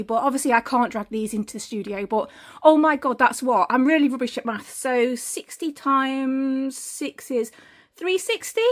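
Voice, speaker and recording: A woman chatting casually in a home and garden vlog, excitable and gushing, laughing often and swearing freely. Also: sits high.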